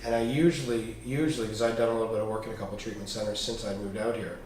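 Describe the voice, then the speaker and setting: Speaking very fast in a lowish voice, this man is a podcast guest telling frank personal stories laced with swearing, acting out each quoted line with animation. The audio carries slight background noise, echo, and the distance of a faraway mic.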